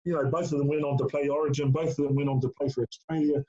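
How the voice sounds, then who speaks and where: Middle-aged man, casual storytelling, slightly high voice, dull lo-fi sound. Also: level tone, rapid-fire, warm tone. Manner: storytelling with lots of fillers, calls the host mate. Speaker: interview guest, former player. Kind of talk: casual chat.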